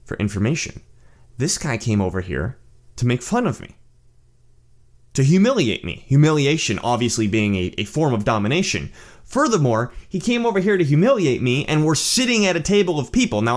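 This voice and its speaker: A man hosting his own channel, telling a personal story in a casual monologue, animated and blunt, swearing and often restarting his sentences. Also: medium pitch. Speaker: channel host.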